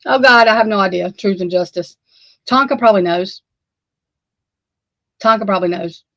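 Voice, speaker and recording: A woman's voice: medium pitch, moderate pace, sharp tone, dry recording, rough recording. A woman hosting a casual livestream, flustered and rambling, swearing freely as she talks to her viewers. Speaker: livestream host.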